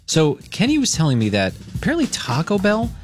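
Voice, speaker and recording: A man hosts a morning radio show, teasing his co-hosts in relaxed studio banter. His pitch moves a lot as he jokes. Faint music plays underneath his voice. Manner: playful, teasing, quick to laugh. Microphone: studio microphone.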